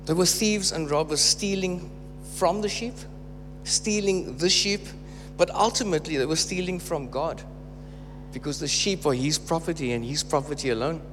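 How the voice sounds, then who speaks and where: A man's voice: fairly high pitch, normal speed, a bit bright, faint music behind. A man preaching a sermon, emphatic and repeating phrases for stress. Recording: reverberant hall with faint hum.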